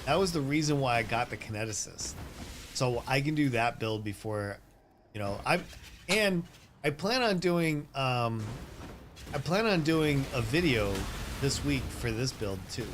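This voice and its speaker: A man's voice: mid-range voice, expressive, a little slow, noisy background. A man streaming a game, chatting casually in a rambling way that keeps breaking off and often turns into laughter. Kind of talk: casual live-stream chat.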